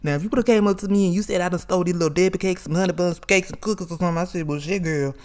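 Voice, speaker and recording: Animated, profane storyteller man. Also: sits high, rapid-fire. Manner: animated, profane, calls listeners girl and y'all. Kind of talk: comedic personal storytelling.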